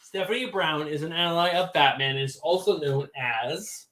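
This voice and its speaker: A man's voice: fairly high pitch, normal speed, fairly bright tone, reverberant, low-quality recording. A man with a New Hampshire accent, co-hosting a casual livestream and reading trivia questions in an easygoing, good-humored way. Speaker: co-host and trivia quizmaster.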